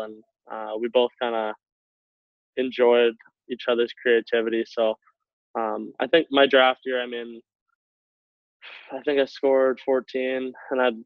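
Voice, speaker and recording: A young man, a hockey player, telling a story in a rambling casual way, full of likes and quick laughs. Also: medium pitch, dry recording. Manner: rambling, many likes, laughs between phrases. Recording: tinny phone-like line, dry.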